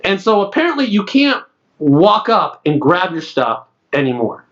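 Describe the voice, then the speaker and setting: A man's voice: high-pitched, big pitch swings, normal speed, a bit bright. A man in his late thirties co-hosting a casual podcast, telling stories and acting out other people's lines. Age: late 30s. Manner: chatty storyteller, acts out other people's lines. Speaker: podcast co-host. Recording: dull lo-fi sound.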